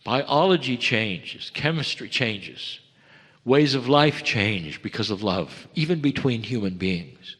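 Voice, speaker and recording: A man giving a slow, earnest channeled spiritual talk, pausing between phrases, recorded in a lecture hall. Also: mid-range voice, expressive, a bit bright, slightly rough.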